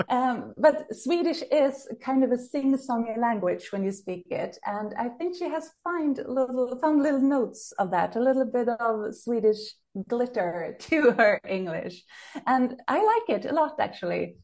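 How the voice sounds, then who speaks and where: A woman's voice: on the high side, animated, measured pace, a little mellow. Friendly woman co-hosting a podcast. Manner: friendly, giggly, thoughtful. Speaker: podcast co-host. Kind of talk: casual chat about a TV show.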